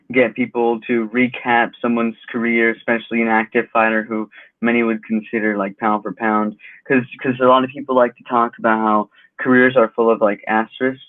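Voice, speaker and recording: A man's voice: mid-range voice, no room sound. A man joining a sports talk panel, giving his view thoughtfully with frequent "like" fillers. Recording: tinny phone-like call line.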